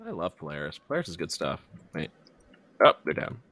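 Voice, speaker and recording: A man's voice: low voice, sing-song, a little fast, sharp tone. A man chatting casually while streaming an online game, joking around and explaining how the game works. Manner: playful, jokey, explains game mechanics. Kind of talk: casual gaming chat.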